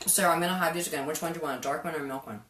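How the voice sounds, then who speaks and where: Chatty woman hosting a kitchen show. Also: low-pitched. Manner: chatty and rambling, laughs often. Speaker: cooking show host. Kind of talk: casual live-stream chat. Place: home kitchen. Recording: roomy kitchen, mic far off, noisy.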